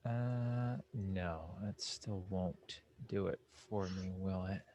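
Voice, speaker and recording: A man's voice: deep voice, slow, warm tone, slight background noise. A man playing a tabletop game, joking dryly and hesitating as he checks his stats. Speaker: player. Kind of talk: casual tabletop game play.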